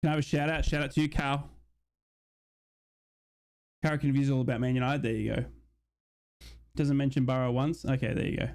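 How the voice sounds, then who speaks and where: A young man hosting a live football watch-along, chatting casually and reading out viewer shout-outs. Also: medium pitch, steady tone, a little fast, pauses often. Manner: chatty, reads out chat messages and shout-outs. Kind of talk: casual live-stream chat and mock commentary.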